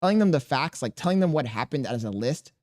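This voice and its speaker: Laid-back man streaming, slow easy talk. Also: mid-range voice, expressive, a little mellow. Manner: laid-back, deliberately slow storytelling, swearing, reading chat aloud. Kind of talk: casual stream chat.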